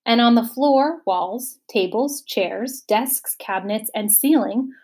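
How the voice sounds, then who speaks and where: A woman's voice: on the high side, slow pace, a little mellow, slightly rough. Woman reading a storybook aloud. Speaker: audiobook narrator.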